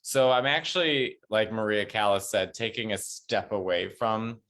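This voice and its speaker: A male comedian talking as a guest over a video call. His voice is bright and forward, and he tells stories with lively acted-out quotes. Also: on the low side, moderate pace. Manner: animated storyteller, acts out loud quotes. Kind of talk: casual chat.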